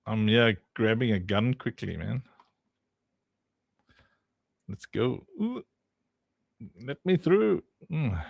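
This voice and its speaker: Chatty man with a gravelly voice. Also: mid-range voice, sing-song, slow, long pauses, no echo, lo-fi sound. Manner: chatty, teasing, laughs often, talks to chat by name. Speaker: streamer and game developer. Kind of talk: casual livestream chat while playtesting.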